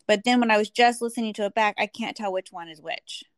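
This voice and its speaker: A female podcast co-host chats casually and laughs often. She talks fast at a medium pitch, recorded dry with studio quality.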